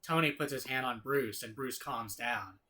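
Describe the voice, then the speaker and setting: A man's voice: medium pitch, moderate pace, pushed and bright. A man hosting a casual comedic read-along of fan fiction, reading the narration evenly. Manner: reads narration evenly, laughs with friends.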